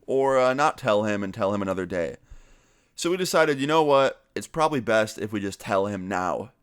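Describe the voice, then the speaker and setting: A young man telling a story on his vlog in a casual, animated way, swearing freely and raising his voice to act out what others said. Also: lowish voice, smooth, no echo. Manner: animated, swearing, acts out quotes in raised voice. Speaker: vlogger telling a story time.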